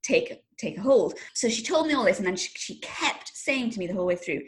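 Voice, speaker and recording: A woman's voice: mid-range voice, animated, fairly quick. A woman, co-hosting a casual chat, telling riding stories in a blunt, jokey, sweary way. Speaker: podcast co-host and rider.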